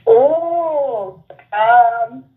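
A woman's voice: a little high, expressive, extremely slow. Female guest, Long Island accent, giggly and blunt, thin phone-line audio. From Long Island, New York. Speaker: guest fighter. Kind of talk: casual interview chat. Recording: tinny phone-line sound.

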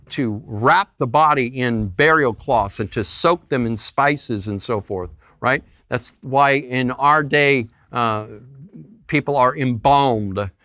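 A man's voice: mid-range voice, pushed and bright, no room sound, clean studio sound. A man preaching a sermon as pastor, acting out quoted voices.

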